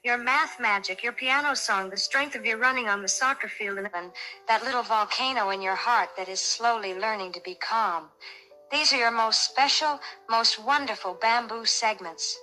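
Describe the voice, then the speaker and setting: A woman voicing a gentle, caring panda mother in a bedtime story, speaking softly and steadily. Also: a little high, normal speed, soft background music, pitched below the performer's own voice, low-quality recording. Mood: tender.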